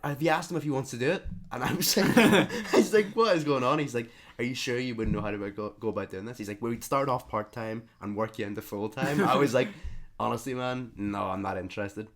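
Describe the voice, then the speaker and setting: A man's voice: medium pitch, fairly quick. A young man co-hosting a podcast, telling a long story casually and acting out the other people's lines. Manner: animated anecdote teller who acts out the other people's lines. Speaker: podcast co-host.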